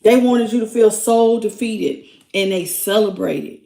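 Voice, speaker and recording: A woman's voice: medium pitch, a little slow, gravelly, mellow, roomy sound. A woman doing a casual tarot reading, chatting emotionally and greeting viewers by name as she goes. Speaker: tarot reader.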